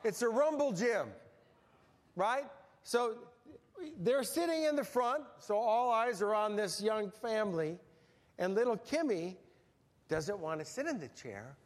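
A man's voice: high-pitched, expressive, unhurried. A middle-aged male pastor preaching a sermon in a church, folksy and humorous, telling stories with animation. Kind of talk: sermon with storytelling. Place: church sanctuary. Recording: church hall reverb.

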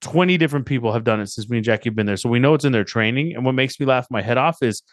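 A man's voice: mid-range voice, racing, no room sound. Thirties guy on a podcast telling funny stories, doing everyone's lines, dry close mic. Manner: storytelling, joking, acts out quotes. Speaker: podcast co-host. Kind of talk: casual chat.

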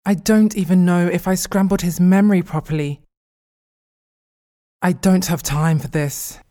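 An actress playing a weary, firm mother who tries to calm her husband. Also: fairly low pitch, measured pace, close to an everyday voice. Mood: strained. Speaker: wife and mother.

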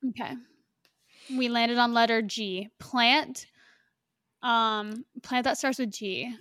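A woman's voice: on the high side, steady tone, slow, fairly bright tone, dry recording, clean studio sound. A young woman co-hosting a podcast, talking bluntly and casually, swearing offhandedly. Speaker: podcast co-host. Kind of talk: casual chat.

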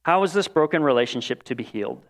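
A man delivering a sermon in a fairly high voice. He preaches expressively, rising to emphatic lines and falling to quiet, drawn-out ones. He dramatizes the quoted voices in the text. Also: lively intonation. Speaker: pastor.

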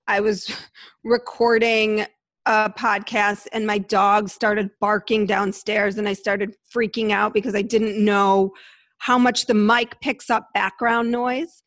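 A woman chatting casually about her podcast, with animated storytelling and lively quoted asides. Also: medium pitch, no room sound. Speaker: podcast host and guest. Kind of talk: casual conversation.

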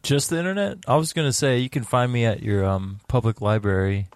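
A man's voice: mid-range voice, brisk, no room sound. A man as podcast guest, joking drily with hesitant fillers. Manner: hesitant, dry humor. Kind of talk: casual chat.

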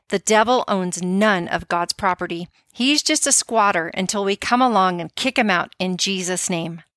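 A woman's voice: medium pitch, a bit bright, dry recording, studio quality. A middle-aged woman leading a devotional prayer for mothers, then chatting informally with encouraging, conversational fillers. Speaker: prayer ministry leader for mothers.

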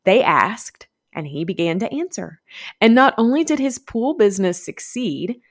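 A woman's voice: medium pitch, big pitch swings, moderate pace. A woman with a Southern US accent hosting a podcast, talking chattily and upbeat and laughing often. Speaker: podcast host. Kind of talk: podcast monologue.

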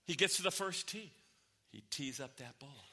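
A man preaching a sermon, swinging from loud exclamations to near whispers to tell a story. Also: medium pitch, expressive, moderate pace. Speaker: pastor.

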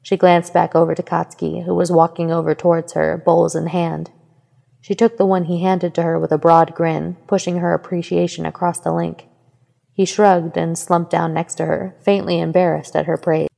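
Woman narrator, creaky low voice, flat delivery, long hall reverb. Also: normal speed. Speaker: fan fiction reader. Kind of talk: scripted narration.

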